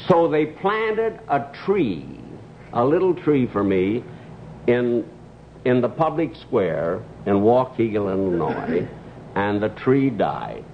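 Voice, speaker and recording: An older man, a guest comedian, telling anecdotes on a talk show with a dry, measured delivery and pauses. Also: mid-range voice, very animated. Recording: dull old TV audio with hiss.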